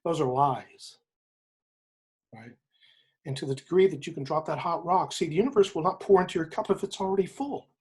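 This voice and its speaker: A man, an interview guest, retelling a story in an emphatic, animated way, often repeating phrases for weight. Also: on the high side, fairly quick, long pauses. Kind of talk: inspirational storytelling in conversation.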